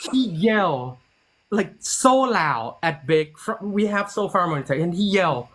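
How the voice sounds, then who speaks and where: A man who writes and produces a TV series, telling a story in a casual interview. He talks in an animated way, acts out quoted dialogue, and often restarts his sentences with "like". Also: high-pitched, a little slow, slight background noise.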